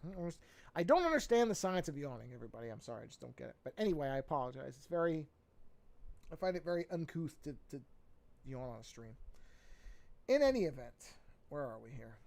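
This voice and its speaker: A man's voice: fairly high pitch, sing-song, fast, creaky, long pauses, darkish tone. A man in his forties who chats casually while drawing on a live stream, rambling and correcting himself as he goes. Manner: rambling, self-correcting, chatty asides. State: yawning, a bit sleepy. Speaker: artist streaming a drawing session.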